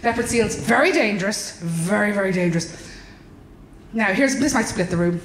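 An Irish woman doing stand-up comedy on a club stage, animated, exaggerated and sweary. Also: medium pitch, normal speed, slight background noise. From Ireland. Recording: roomy live venue.

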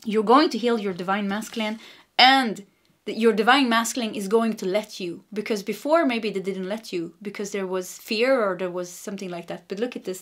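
A woman with a Swedish accent giving a casual spiritual tarot reading, meandering and giggly, gently reassuring. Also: mid-range voice. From Sweden. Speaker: tarot card reader.

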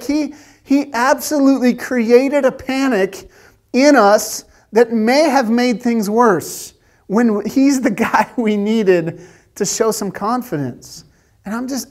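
A middle-aged man preaching a sermon as pastor of a church, talking in a loose, conversational storytelling way with many restarts and fillers. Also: high-pitched. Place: church stage.

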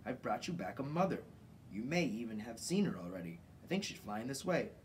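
A man's voice: mid-range voice, big pitch swings, fairly quick, a little hiss or hum, close to an everyday voice. A man voicing a cocky, bossy boy leader while reading a storybook aloud. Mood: cheerful.

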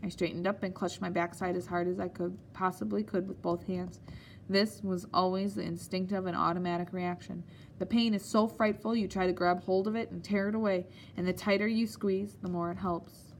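A woman narrating an audiobook in a steady, measured storytelling manner. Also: on the low side, slight background noise.

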